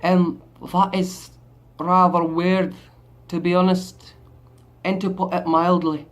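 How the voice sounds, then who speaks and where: A man voicing a preachy Scottish man with a Scottish accent, lecturing the lads loudly with rolled R's. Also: high-pitched, level tone, takes it slowly.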